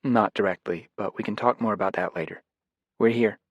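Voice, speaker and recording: A loving mother, soft and reassuring, in a voice lifted somewhat higher, as a man reads her lines. She speaks to her daughter tenderly and earnestly. The recording is dry and close. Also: fairly quick, no echo, muffled recording, close to an everyday voice. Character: gentle, loving mother of a schoolgirl.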